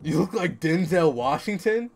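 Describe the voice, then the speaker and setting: A man's voice: a little high, lively intonation, normal speed, vocal fry, darkish tone, faint music behind. A man commentating a live game stream, joking and self-mocking in casual street slang. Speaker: gaming streamer.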